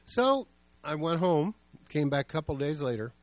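A man's voice: a little high, very animated, moderate pace, no room sound. Man preaching a conversational sermon. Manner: storytelling, plain and conversational. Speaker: pastor.

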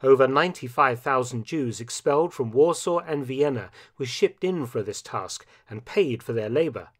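Man narrating history in measured tones. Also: mid-range voice, animated.

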